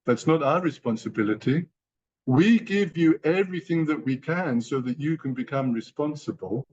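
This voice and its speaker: A man's voice: fairly high pitch, animated, normal speed, a little mellow. A man giving a motivational training talk to company partners, emphatic and repeating key phrases. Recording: dull lo-fi sound.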